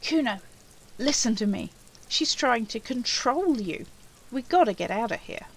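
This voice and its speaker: A woman's voice: a little high, expressive, unhurried, slight background noise, poor audio. A woman voicing an earnest male detective in a video game, urgent and persuasive.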